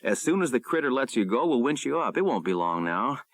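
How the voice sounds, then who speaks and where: An actor reading a gruff, blunt sea captain in an audiobook. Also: male voice, medium pitch, big pitch swings, fairly quick, dry recording, studio quality, pitched above the performer's own voice. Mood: steady. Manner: blunt, cursing.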